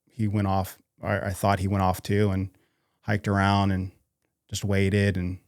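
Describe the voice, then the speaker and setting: North idaho guy on a podcast, low flat voice, lots of ums and restarts, dry sound. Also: dry recording. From North Idaho, USA. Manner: halting, lots of fillers and restarts. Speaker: podcast guest. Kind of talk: casual interview conversation.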